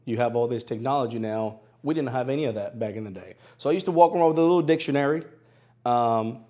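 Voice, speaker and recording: A Venezuelan man in his thirties, a sports broadcaster appearing as an interview guest, tells stories in a conversational interview with a fairly high voice. His English carries a Venezuelan Spanish accent with a slight East Tennessee twang. He's animated, laughs easily, and repeats phrases for emphasis.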